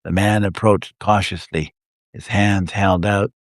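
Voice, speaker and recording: A man reading his own first-person adventure story aloud on a live stream, telling it in a steady way. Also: sits low, measured pace, dry recording, clean studio sound.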